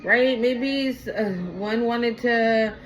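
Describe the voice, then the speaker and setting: A woman's voice: a little high, fairly even intonation, slow, noisy background. A woman giving a casual spoken tarot reading to her viewers, talking in an emphatic, repetitive way. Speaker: tarot reader.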